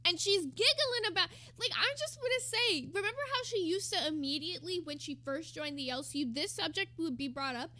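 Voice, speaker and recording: A woman's voice: very high voice, expressive, fairly quick, hardly any pauses, bright, forceful tone. A woman streamer giving gossipy, sarcastic commentary while reacting to another stream. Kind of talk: casual commentary.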